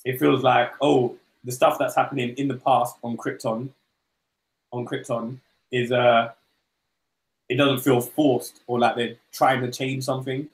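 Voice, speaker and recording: A man's voice: medium pitch, level tone, measured pace, reverberant. A man co-hosting a comic book podcast, rambling casually and acting out dialogue in goofy voices. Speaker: podcast co-host.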